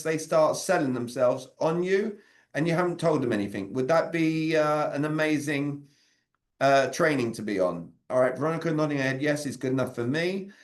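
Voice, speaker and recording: High-voiced man leading a training. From Britain. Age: 40s. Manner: energetic, quizzes the audience with quick questions. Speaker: sales communication trainer. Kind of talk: interactive training on a video call. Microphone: video call.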